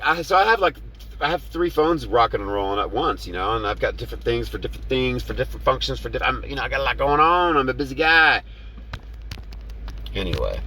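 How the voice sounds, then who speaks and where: This rideshare driver speaks at medium pitch with a breathy edge, and the recording is rough. Sitting in his car, he swears through an animated story, raising his voice to act out heated quotes from arguments.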